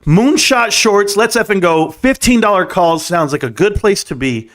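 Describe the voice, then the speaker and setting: Male livestream host, middle-aged, high-pitched, boastful trash-talker with singing outbursts. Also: expressive, normal speed. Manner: brash, boastful trash talk with swearing; bursts into singing and shouting. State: out of breath. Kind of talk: hyped late-night stock talk livestream.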